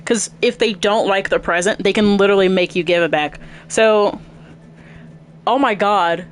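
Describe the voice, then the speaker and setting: A woman's voice: medium pitch, normal speed. A woman casually commentating while streaming a video game, chatty and thinking aloud.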